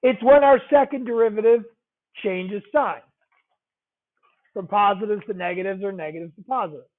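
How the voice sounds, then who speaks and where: High-voiced man teaching math, tinny sound. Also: normal speed. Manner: conversational, repeats key phrases, checks in with students. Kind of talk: classroom math lecture. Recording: tinny phone-like audio.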